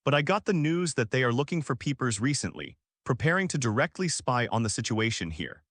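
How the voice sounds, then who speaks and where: A man's voice: mid-range voice, very animated, fairly quick, a bit bright, no echo. Male narrator voicing an ancient teasing vampire woman from a storybook, sly and lightly seductive, dry sound. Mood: serious.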